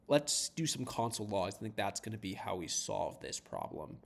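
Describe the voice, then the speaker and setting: A man's voice: on the low side, big pitch swings, moderate pace, creaky. Chatty man rambling while he codes. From US, south of Boston. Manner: rambling and chatty, laughs often, swears casually. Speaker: startup founder coding on a livestream. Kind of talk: casual live-stream chat while coding.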